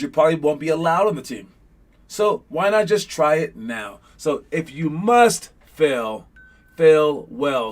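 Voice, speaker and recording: A young man coaching young basketball players in a casual pep talk, rambling with lots of fillers and getting animated as he retells scenes. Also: fairly high pitch.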